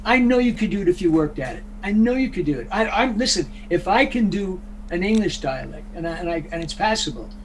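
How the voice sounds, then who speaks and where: An older man from Brooklyn, chatting casually and telling lively stories. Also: high-pitched, a little fast, few pauses, a little hiss or hum, poor audio. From Brooklyn, New York. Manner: animated storyteller, acting out voices. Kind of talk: casual chat.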